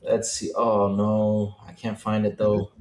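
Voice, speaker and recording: A man co-hosting a casual gaming livestream podcast, talking to the chat, excitable and given to repeating his phrases. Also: on the low side, takes it slowly, echoey room. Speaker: podcast co-host.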